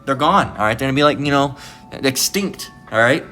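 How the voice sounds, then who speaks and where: A man's voice: mid-range voice, lively intonation, fairly quick, pushed and bright, soft background music. Emphatic profane preacher man. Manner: emphatic and profane, repeats "all right?" constantly. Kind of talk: informal preaching lesson.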